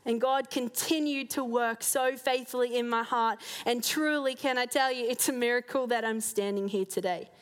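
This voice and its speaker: A woman with a fairly high voice shares a personal faith testimony before a church gathering. She speaks earnestly and from the heart, and soft laughs slip in between her words. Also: fairly even intonation, normal speed, hardly any pauses. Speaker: church member giving a testimony.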